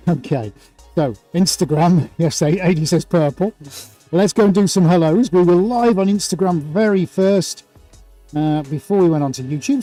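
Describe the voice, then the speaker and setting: A man's voice: fairly high pitch, mellow. A man hosting a live painting stream, chatting playfully and greeting viewers by name. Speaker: livestream host and painter. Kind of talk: casual livestream chat.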